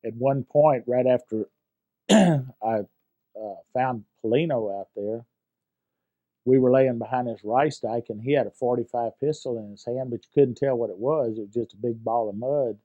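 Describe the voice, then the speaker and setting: Halting older man with a drawl. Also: mid-range voice, narrow, tinny audio. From United States. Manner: halting, many fillers and repeated words. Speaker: veteran interviewee. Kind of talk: personal war recollection.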